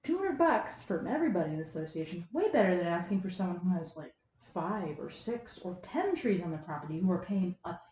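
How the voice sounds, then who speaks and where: A woman's voice: lowish voice, very animated, brisk, few pauses, dark tone. A woman co-hosting a casual podcast chat, blunt and emphatic, swearing freely. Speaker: podcast co-host. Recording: roomy, dull lo-fi audio with faint noise.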